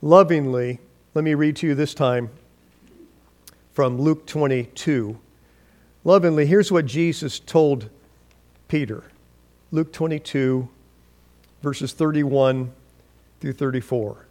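A man preaching a sermon, reading scripture and acting out voices with animated delivery and frequent restarts. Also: on the high side, unhurried, pauses often. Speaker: pastor.

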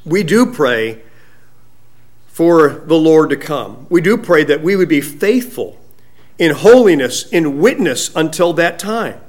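A male pastor preaching a sermon to his congregation, slow and deliberate, rising in emphasis as he reads scripture. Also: on the high side, big pitch swings.

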